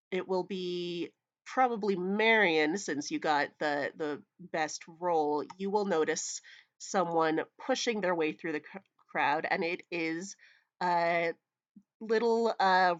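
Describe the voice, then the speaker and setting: Hesitant woman game master, slow and low, over muffled voice chat. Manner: hesitant, many ums and pauses. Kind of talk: narrating a tabletop game.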